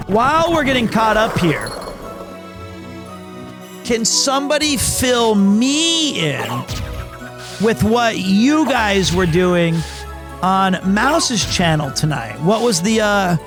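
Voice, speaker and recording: A man's voice: sits high, very animated, takes it slowly, pauses often, music in the background. A man hosting a game livestream, chatting casually in a gushing, rambling way and often repeating his words. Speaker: livestream gamer host. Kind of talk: casual stream chat.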